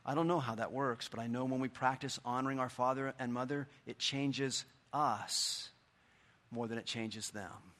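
Middle-aged male pastor, earnest conversational sermon, mid-range voice, quiet asides. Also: mid-range voice, fairly even intonation, normal speed.

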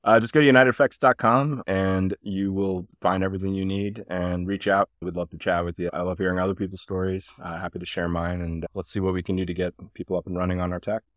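A man's voice: sits low, little pitch movement, fast talker, few pauses, a bit bright, dry recording, studio quality. A man guesting on a podcast, telling a rambling, self-deprecating story over a remote call. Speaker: guest, company founder. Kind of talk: casual podcast interview.

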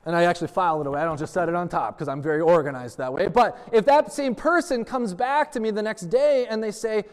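A male pastor with a high voice preaches a sermon and tells stories, playing out each exchange in its people's voices. His words ring with the long reverb of a large hall. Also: fast talker, hardly any pauses. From United States. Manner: storytelling preacher who acts out dialogue.

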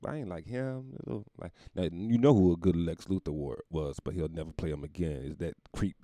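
A man's voice: deep voice, a little fast, dark tone, dry recording. A man going on a rambling, profane comedic rant, often laughing at his own jokes.

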